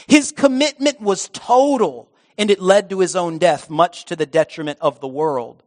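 A preacher voicing a reflective elderly man, speaking softly and slowly with emotion. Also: sits high, natural voice. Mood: tender.

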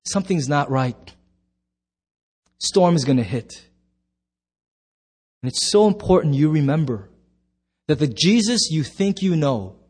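A middle-aged man preaching a sermon as pastor, emphatic, swinging from loud bursts to hushed low lines. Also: husky.

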